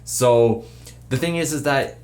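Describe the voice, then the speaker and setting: A man's voice: medium pitch, slow, darkish tone. A man giving casual advice to camera, rambling with lots of fillers and restarts. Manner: rambling, filler-heavy, with self-interrupting restarts. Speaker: YouTuber giving personality-type advice.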